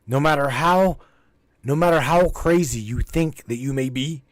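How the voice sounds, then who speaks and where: A man's voice: a little high, moderate pace, dry recording. Emphatic rambling man hosting a livestream. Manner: rambling, repetitive, emphatic, swears freely. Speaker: host of a spiritual livestream broadcast. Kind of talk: casual spiritual talk to a live chat.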